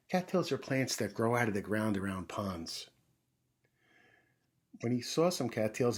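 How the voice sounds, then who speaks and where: A man reads a children's picture book aloud, gently guiding young listeners and pointing out details. His voice sits in an ordinary range. It carries a soft, husky edge. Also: medium pitch. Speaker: children's story reader. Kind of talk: storytime read-aloud.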